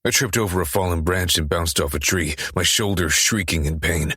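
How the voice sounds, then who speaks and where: A man's voice: low voice, normal speed, bright, forceful tone, husky, no room sound, studio quality. A man narrating an audiobook in the first person, with an intense, urgent, profane delivery.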